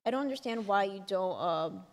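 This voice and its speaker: A woman's voice: medium pitch, expressive, brisk, in a large hall. Blunt, teasing woman co-host. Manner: blunt, teasing and profane, with frequent fillers. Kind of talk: casual podcast chat.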